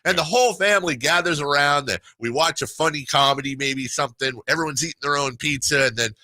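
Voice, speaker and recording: A man's voice: on the high side, quick pace, sharp tone, no room sound. A middle-aged man hosting a sports radio show, rambling and laughing through a casual story. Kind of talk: casual chat.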